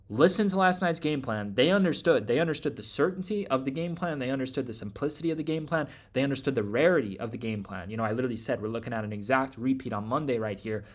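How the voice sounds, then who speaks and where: A man hosting a trading group, delivering a hyped promotional rant, loud and emphatic, swearing constantly and repeating himself. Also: mid-range voice.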